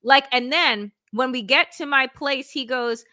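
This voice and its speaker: Bright, lively woman telling a story. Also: high voice, a little slow, no echo, clean studio sound. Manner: lively, quotes others in voices, laughs often. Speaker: political analyst. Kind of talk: casual chat, animated storytelling.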